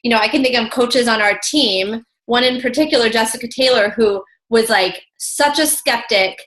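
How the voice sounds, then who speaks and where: Bright, emphatic chatty woman coach. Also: a little high, normal speed. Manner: emphatic, chatty, heavy use of "like". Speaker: team coach leading a call. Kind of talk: motivational coaching call.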